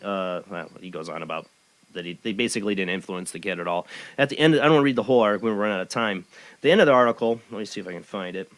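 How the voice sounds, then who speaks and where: A man's voice: fairly low pitch, expressive, rapid-fire, no room sound. A man hosting a live webcast talk show, chatting in a rambling way and reading a news article aloud. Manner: chatty and rambling, with many fillers and restarts. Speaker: host.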